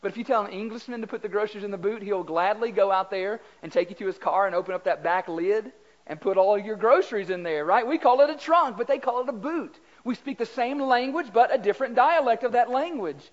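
A man's voice: high-pitched, a little fast. A man with a Southern US accent preaching a conversational sermon in a church, chatty and folksy, quizzing the congregation and repeating words. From Southern United States. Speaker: pastor. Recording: slightly dull lo-fi sound.

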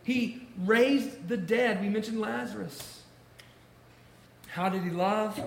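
A man preaching a sermon, stressing key phrases by repeating them slowly. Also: high-pitched, vocal fry. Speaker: pastor. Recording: echoey room with faint noise.

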